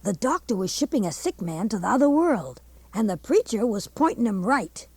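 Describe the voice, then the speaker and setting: A woman plays a folksy teenage boy who narrates a radio drama in a plain drawl. The voice sits a little high and moves with a lively lilt, recorded dry and close. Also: normal speed, slightly rough, dry recording, full character voice. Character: folksy young teenage boy narrating his own tale.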